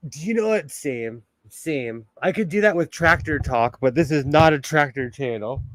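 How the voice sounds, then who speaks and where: Hosting a casual sewing livestream, this man talks at a moderate pace in a fairly high, animated voice. He's chatty, laughs a lot, and reads the chat aloud while working.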